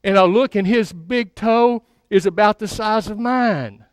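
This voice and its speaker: A man's voice: sits high, measured pace, clean tone, no room sound. A man in his sixties giving a sermon as a pastor, telling a story in a folksy, self-mocking way, often stammering and repeating words. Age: 60s.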